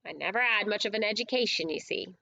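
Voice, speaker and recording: A woman's voice: medium pitch, quick pace, gravelly, bright, forceful tone, muffled recording, a little hiss or hum. A woman voicing a humble male cab driver with a countryman's heart, speaking in a deferential, rustic working-class manner.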